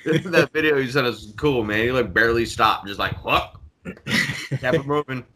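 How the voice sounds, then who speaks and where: Bright-voiced swearing joker. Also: male voice, medium pitch, animated, fairly quick. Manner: crude joking, heavy swearing. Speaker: podcast co-host. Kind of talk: casual chat.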